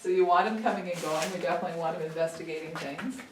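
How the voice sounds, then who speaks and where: A woman puppy trainer calmly explaining training exercises to owners. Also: on the low side, racing. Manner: calm, steady instructive tone. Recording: echoey room, distant mic, faint noise.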